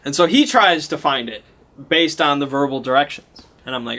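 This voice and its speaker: A man's voice: medium pitch, normal speed, pushed and bright. A man game master casually retelling a tabletop game session, laughing often and swearing casually.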